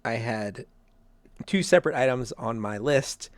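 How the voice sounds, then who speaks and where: A man's voice: medium pitch, animated, unhurried, dry recording. A man hosting a casual podcast chat, laughing often and repeating his words with plenty of fillers. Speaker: podcast host.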